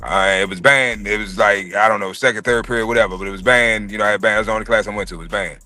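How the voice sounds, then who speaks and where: A man in his thirties telling a personal story in casual chat, profane and animated. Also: fairly low pitch, racing, dry recording. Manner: profane, animated storytelling, acts out quoted voices.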